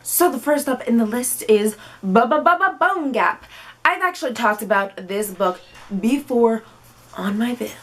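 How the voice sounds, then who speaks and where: Bubbly high-voiced young woman vlogger. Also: lively intonation, moderate pace, a bit bright. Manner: bubbly and playful, jumps into silly voices. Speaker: book vlogger. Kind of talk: casual chat to camera.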